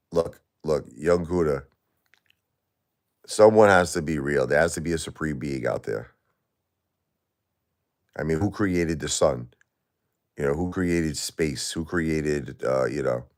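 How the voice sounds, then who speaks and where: A middle-aged man live-streaming while grieving, talking to his chat in halting, repetitive, emotional bursts. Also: a bass voice, darkish tone.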